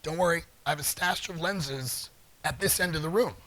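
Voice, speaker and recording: A man's voice: on the high side, normal speed, a bit bright. A middle-aged man giving a live talk in a large conference hall, joking playfully with the audience. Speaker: conference speaker.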